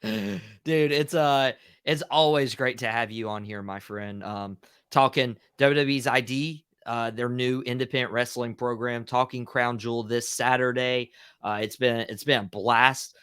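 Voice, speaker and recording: A man hosting a wrestling podcast, chatting casually and excitably. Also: medium pitch, a little slow, clear, resonant tone, dry recording, studio quality. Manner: casual, excitable, says "dude" a lot. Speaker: podcast host.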